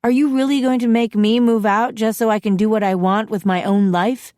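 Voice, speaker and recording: A woman narrator voicing an upset, defiant teenage girl who pleads in a raised, higher voice. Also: fairly even intonation, fairly quick, a little mellow, dry recording, studio quality, close to an everyday voice. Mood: pleading.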